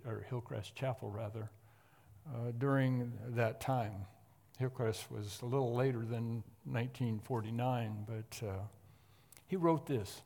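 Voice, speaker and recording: A man's voice: mid-range voice, vocal fry, darkish tone. Preaching man in a reverberant church. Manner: earnest preaching with emphatic rises. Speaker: pastor. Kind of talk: sermon. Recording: long hall reverb.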